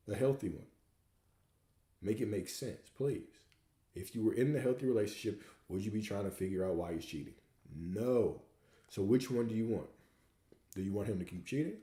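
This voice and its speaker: Guy coaching ppl on a live q&a, keeps firing rhetorical questions, dark mellow voice. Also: on the low side, normal speed, pauses often, roomy sound. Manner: preachy, repeats rhetorical questions. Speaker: host answering viewer questions. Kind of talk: livestream Q&A coaching talk.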